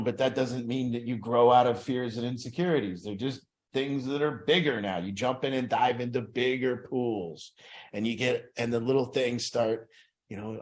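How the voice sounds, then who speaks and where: Speaking reflectively to a small group in a room, an earnest man talks through an addiction recovery session at an ordinary middle pitch. At times he takes on the inner voices he's describing.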